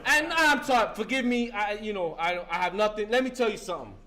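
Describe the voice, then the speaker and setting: A man's voice: sits high, expressive, background noise. Blunt older New man sharing. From New York. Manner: blunt, profane, joking, with halting restarts. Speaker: recovery meeting speaker. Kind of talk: sharing at a recovery meeting.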